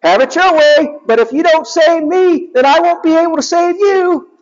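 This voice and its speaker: A preacher voicing a cocky young male cartoon hedgehog hero in a high, cartoonish voice. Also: moderate pace, in a large hall, muffled recording.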